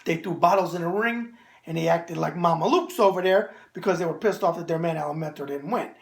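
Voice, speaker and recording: A man's voice: on the high side, brisk, gravelly. New york guy, middle-aged, brash wise-guy chatter hosting a boxing mailbag show. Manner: brash wise-guy banter with a repeated catchphrase. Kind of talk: casual monologue answering viewer mail.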